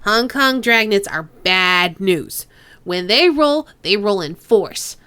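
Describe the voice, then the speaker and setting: A woman's voice: fairly low pitch, big pitch swings, unhurried, a bit bright, no room sound. A woman voicing a brash, sing-song female crime boss with a nasal, teasing voice. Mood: stern. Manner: teasing, drawling with pet names.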